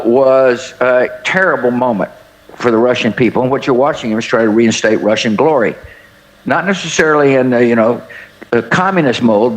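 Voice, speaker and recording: Seventies man, former statesman guest; folksy, halting delivery, filler-heavy anecdotes. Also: medium pitch, rough recording. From United States. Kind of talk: anecdotal interview answers.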